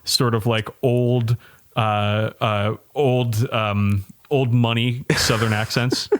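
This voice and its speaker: A man's voice: medium pitch, level tone, slow pace, clear, resonant tone. A man co-hosting a podcast, chatting casually with hesitant restarts that then rush ahead. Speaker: podcast co-host. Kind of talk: casual chat.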